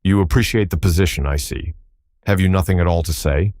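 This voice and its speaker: A man's voice: sits low, brisk, a little mellow, dry recording, clean studio sound, lightly acted. A man voicing a sneering, menacing foreign spy villain in an audiobook. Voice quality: silky, menacing.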